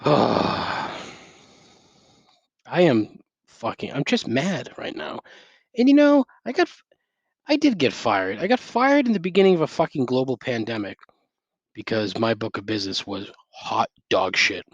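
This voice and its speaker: Speaking into a gaming headset at home, a middle-aged podcast host delivers a profane, sarcastic solo rant fueled by too much caffeine. His medium-pitched voice is very animated and a little slow, with frequent pauses and a breathy edge. There's no room sound, and the highs are cut off.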